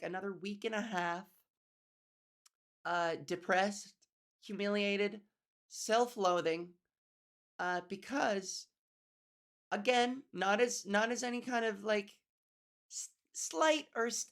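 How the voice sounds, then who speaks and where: A woman's voice: medium pitch, a bit bright. Rambling, profane woman comedian. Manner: profane, rambling, self-deprecating with frequent restarts. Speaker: comedian podcast host. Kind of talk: casual solo podcast monologue.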